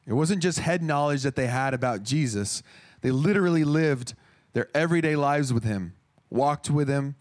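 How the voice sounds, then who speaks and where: A man in his thirties preaching a sermon in an earnest, conversational way, often restarting his phrases. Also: a little high.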